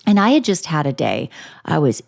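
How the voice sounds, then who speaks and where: Lower-voiced woman, candid and profane. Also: sing-song, normal speed, creaky, a little mellow. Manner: candid, laughing, swears freely. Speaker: podcast co-host. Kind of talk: casual chat.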